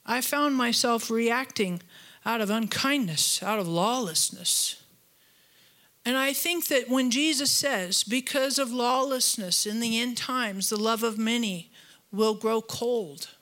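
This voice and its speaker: Bright-voiced woman preaching a chatty sermon. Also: slow pace. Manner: chatty storytelling with humor and asides; animated, voice jumps higher when retelling conflict. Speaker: pastor.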